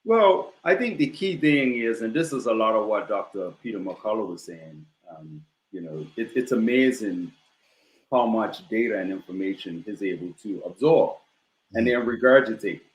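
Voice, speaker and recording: A man speaking as a guest on a talk show, measured and steady, with frequent "you know" fillers. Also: lowish voice. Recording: roomy echo.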